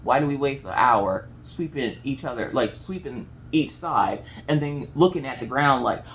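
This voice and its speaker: A woman from the American South with a Southern accent, telling a story in a chatty, animated way, full of asides. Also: very deep voice, normal speed, hardly any pauses, a little hiss or hum, rough recording. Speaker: craft vlogger. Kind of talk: casual storytelling chat.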